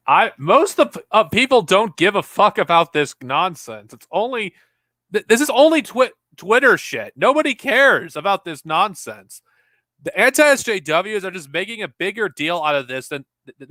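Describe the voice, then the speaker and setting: A man's voice: sits high, pushed and bright, no room sound. A man hosting a livestream, talking back to a clip in a scornful, profane and sarcastic way. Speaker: livestream host. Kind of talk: live commentary on a played clip.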